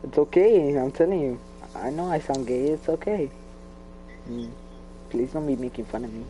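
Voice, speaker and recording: A man's voice: mid-range voice, moderate pace, mellow, slight background noise, poor audio. A young man giving casual gameplay commentary while he streams, laughing often and trash-talking playfully. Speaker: gamer streaming his play.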